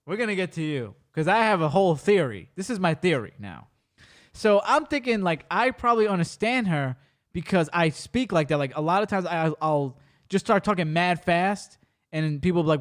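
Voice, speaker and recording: Lively, animated male podcast host. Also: fairly high pitch. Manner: animated storyteller, rapid bursts, swears freely. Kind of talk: casual chat.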